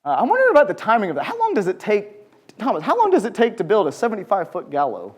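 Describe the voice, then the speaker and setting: Very fast and high-pitched, a man runs a conversational Bible lesson for a group gathered in a large church room. He's animated, firing questions at the audience and acting out quotes.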